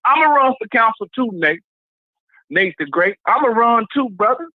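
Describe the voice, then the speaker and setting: High-voiced male caller on a dull line. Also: expressive, moderate pace, no echo. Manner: passionate, repetitive, preachy. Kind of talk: casual call-in rant. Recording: dull lo-fi phone call.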